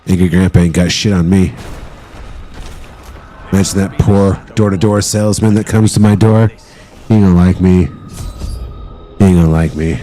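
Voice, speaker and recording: A man's voice: low voice, steady tone, normal speed, pauses often, dark tone, soft background music. A man chatting casually on a live stream, joking and swearing as he rambles.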